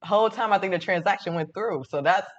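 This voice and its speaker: A man's voice: high-pitched, fast talker, fairly bright tone, lo-fi sound. A man hosting a reaction show, making joking, disbelieving remarks about a story. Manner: joking, incredulous asides. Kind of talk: casual reaction commentary.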